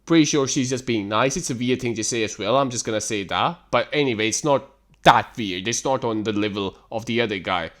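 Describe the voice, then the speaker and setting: A man's voice: mid-range voice, fairly quick, a bit bright. A man hosting a reaction commentary, ranting in an exasperated, sarcastic and profane way. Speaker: host reacting to text screenshots.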